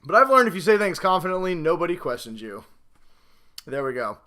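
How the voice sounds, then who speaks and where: A man hosting a casual football talk show, rambling and self-mocking, swinging between loud hype and low mutters. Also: sing-song, fairly quick. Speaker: podcast host.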